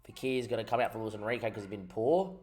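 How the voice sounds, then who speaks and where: A man's voice: on the low side, quick pace, a little mellow. A young man giving frustrated, rambling commentary over his own gameplay, swearing often. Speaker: gaming YouTuber.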